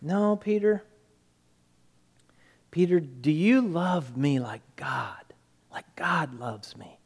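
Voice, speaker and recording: A male preacher voicing a gentle teacher who questions a friend quietly. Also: big pitch swings, drawn-out words, in a large hall, heavily acted. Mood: hushed. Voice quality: soft, low and hushed. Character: gentle searching male teacher, grown man.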